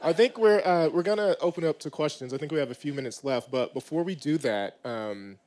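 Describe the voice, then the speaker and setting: A man's voice: on the high side, a little fast, a little mellow. A man moderating a live panel, leading into questions in a reflective way.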